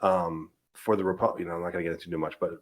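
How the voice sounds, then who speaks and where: Male podcast co-host, lowish voice, casual, opinionated, quick to agree and chime in. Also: fairly even intonation. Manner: quick backchannels, opinionated asides. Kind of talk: casual chat. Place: Florida.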